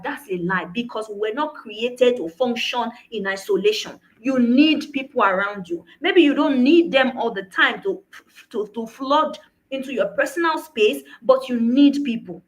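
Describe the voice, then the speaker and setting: A woman's voice: a little high, animated, unhurried, low-quality recording. A woman coach giving an earnest motivational talk, often checking in with her listeners through rhetorical questions. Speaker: personal development coach.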